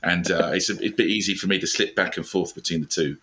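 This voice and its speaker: A man's voice: sits low, fast, bright, forceful tone, lo-fi sound. A middle-aged British man, a founder being interviewed on a podcast, talking with dry, self-deprecating humour. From Britain. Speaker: startup founder, guest.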